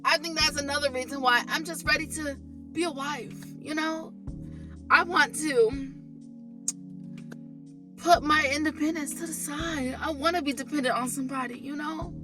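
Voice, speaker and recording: A woman's voice: sits high, steady tone, normal speed. A young woman venting to camera in a candid monologue, emphatic and often exasperated. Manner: emphatic, rising to exasperated outbursts. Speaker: vlogger. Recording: faint background music.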